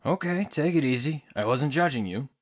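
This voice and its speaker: A man voicing a smooth, teasing antiques dealer. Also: mid-range voice, expressive, normal speed, natural voice. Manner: easygoing, teasing. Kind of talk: audiobook character acting.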